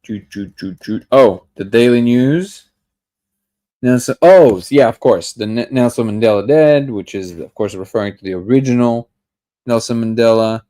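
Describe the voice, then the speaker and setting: A man's voice: medium pitch, moderate pace, dark tone. A man hosting a daily live discussion, thinking aloud as he reacts to a video clip, often restarting and tripping over his words. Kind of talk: casual live commentary while watching a clip.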